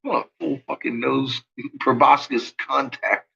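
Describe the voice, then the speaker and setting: A man's voice: mid-range voice, flat delivery, a little slow, gravelly, pushed and bright, breathy edge, muffled recording. A man hosting a casual livestream chat, rambling, swearing freely and laughing often. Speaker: channel host.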